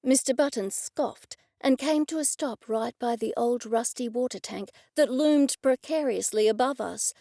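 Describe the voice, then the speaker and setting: A woman narrating a first-person audiobook in a wry, measured storytelling manner. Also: on the high side, gravelly, dark tone, no room sound, studio quality.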